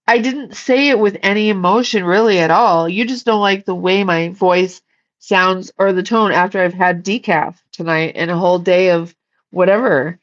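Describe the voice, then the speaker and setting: A woman's voice: fairly low pitch, moderate pace, muffled recording. A woman casually chatting on a livestream, blunt and swearing freely while reading the chat and shooing her cat.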